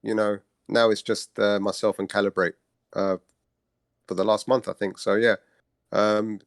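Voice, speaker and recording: A man, a guest and co-founder talking casually over a video call, relaxed and hesitant with many ums. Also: lowish voice, moderate pace, creaky, no echo, clean studio sound. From Cyprus, raised in London.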